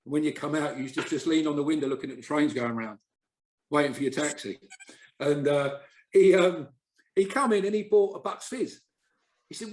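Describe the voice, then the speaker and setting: A chatty man spins long anecdotes, slipping into the voices of the people he quotes. His voice sits a touch high. The room around him echoes noticeably. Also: brisk. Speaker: podcast guest, former footballer. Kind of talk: casual storytelling chat. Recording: roomy echo.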